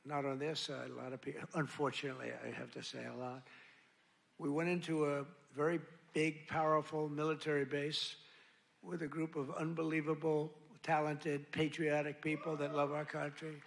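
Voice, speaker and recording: A man's voice: fairly high pitch, little pitch movement, moderate pace, vocal fry. A man giving a boastful, rambling, repetitive rally speech at a podium microphone. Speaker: political speaker at a rally. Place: large rally venue.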